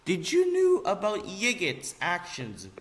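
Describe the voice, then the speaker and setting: This vlogger's high voice swings hugely in pitch at a slow pace as he delivers a furious, sarcastic rant. He swears and repeats phrases to drive his points home.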